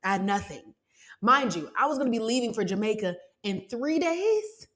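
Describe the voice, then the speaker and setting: A woman hosting a podcast, telling a personal story in an emotional, animated, faith-filled way and speaking straight to her listeners. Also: a little high, moderate pace. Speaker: podcast host.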